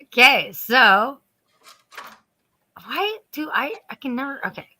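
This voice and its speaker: Rambling, bright-voiced woman co-host. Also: high-pitched, takes it slowly, a little hiss or hum. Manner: rambling, animated storytelling with restarts. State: sleepy. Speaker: podcast co-host. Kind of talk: casual chat.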